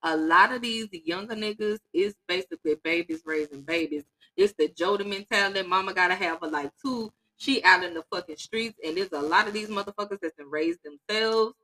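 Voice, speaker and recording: A woman's voice: lowish voice, a little fast, few pauses, bright, forceful tone. A woman in casual chat, telling blunt, profane stories about her neighborhood.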